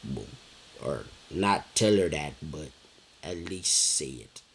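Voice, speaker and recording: A young man with a low, deep voice tells a personal story straight to his audience. He talks slowly and loosely, circling back over the same words, and peppers it with fillers and swearing. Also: expressive, vocal fry, a little hiss or hum. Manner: rambling, repeats himself, heavy fillers and swearing. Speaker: vlogger. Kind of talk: casual storytelling chat.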